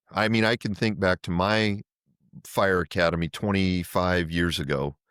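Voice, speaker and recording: A man's voice: low-pitched, fairly bright tone, dry recording, studio quality. A middle-aged fire chief talking in an earnest, thoughtful way in a podcast interview, often repeating words as he searches for his phrasing.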